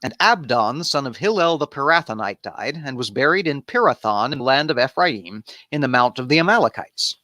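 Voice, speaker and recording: A man's voice: medium pitch, animated, brisk, few pauses, bright, forceful tone, dry recording, clean studio sound. A man hosting an improvised bible study, reading aloud and commenting in a casual, irreverent way with wandering asides.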